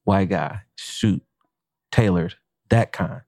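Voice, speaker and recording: A man with a low voice tells a chef's story on a podcast, casual and full of swearing. He acts out bits of talk with a laugh. The sound is dry and close. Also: slow pace, gravelly, no echo. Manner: animated, profane, acts out quotes with laughs. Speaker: chef and podcast co-host.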